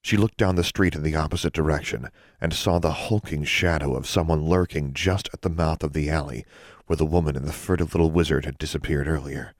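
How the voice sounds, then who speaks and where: A man narrates a fantasy audiobook with a steady, measured delivery. His voice sits extremely low. The recording is close and dry. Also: no echo. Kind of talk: scripted narration.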